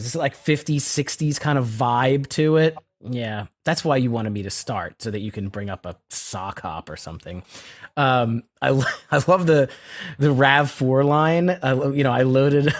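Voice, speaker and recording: A man co-hosting a music podcast, talking through songs in a loose, casual way. His voice sits at an ordinary male pitch, and he apologizes and laughs easily at his own slip-ups. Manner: chatty, apologetic, laughs often. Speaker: podcast co-host. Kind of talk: casual music review chat.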